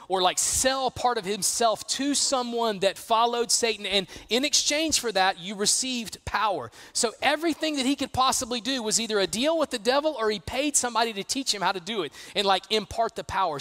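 A man's voice: high-pitched, bright, forceful tone. A man preaching a sermon as pastor, conversational and emphatic, acting out quotes and building intensity. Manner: conversational, uses acted-out quotes.

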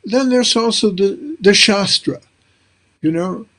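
A man's voice: high voice, lively intonation, takes it slowly, sharp tone. An older man hosting a casual interview, talking in a reflective, rambling way with many fillers. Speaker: host.

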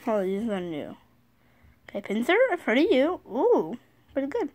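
A school-age girl vlogging casually from her bed, excitable, reading card names aloud and often apologizing. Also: on the high side, normal speed. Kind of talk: casual card-opening vlog. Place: sitting on her bed at home.

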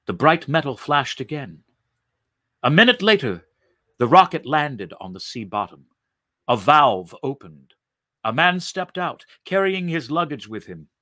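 A man reading a story aloud in an expressive, deliberate way. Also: medium pitch, no echo, studio quality.

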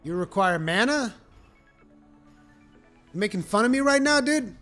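A man giving live gameplay commentary, with brash, profane trash talk at his teammates and sudden excited shouting. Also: sits high, measured pace. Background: game music.

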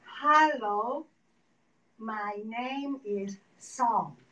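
A woman reading the part of a spry, stylish seventy-year-old Chinese-American woman, speaking slow, hesitant English with a heavy Chinese accent at a live screenplay reading. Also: on the high side, bright, forceful tone, heavily acted. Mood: halting. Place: event room at a reading. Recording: echoey room, distant mic, dull.

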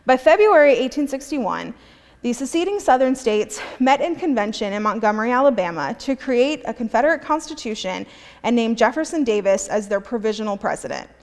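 A woman's voice: on the high side, big pitch swings, fairly quick. A woman museum curator giving a scripted history presentation, reading historical quotes aloud with an occasional aside. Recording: long hall reverb.

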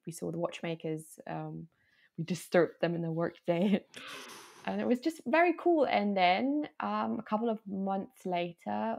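A woman's voice: fairly low pitch, creaky, a little mellow. A woman from Germany, a podcast guest chatting casually in English with many fillers and restarts. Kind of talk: casual conversation.

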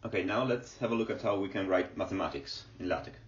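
A man's voice: deep voice, animated, fast talker. A man giving a screen-recorded lecture, explaining step by step with many fillers as he types. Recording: echoey, distant, dull lo-fi.

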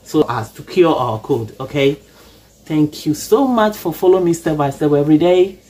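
A woman's voice: deep voice, animated, normal speed, dark tone, husky. A woman, who has a cold, hosting a chatty, reassuring cooking tutorial in her home kitchen. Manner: chatty, reassuring, repeats okay. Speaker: cooking channel host.

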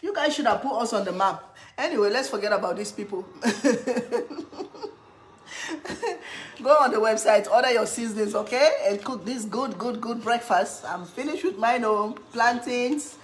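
A woman from Sierra Leone chatting casually in a cooking vlog, excitable and often laughing and shouting. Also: fairly high pitch, a little slow. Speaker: cooking vlogger.

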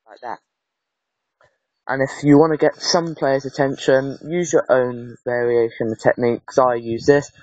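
A man's voice: mid-range voice, steady tone, darkish tone, no echo. A man with a northern English accent casually explaining referee whistle techniques in a how-to video. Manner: plain, halting explanations. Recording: dull lo-fi home mic.

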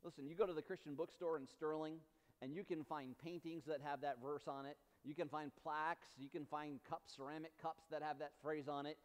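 A man preaching a sermon as pastor, impassioned, swinging between loud slow emphatic lines and soft quiet drops. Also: on the high side, expressive. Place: church sanctuary. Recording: reverberant church hall.

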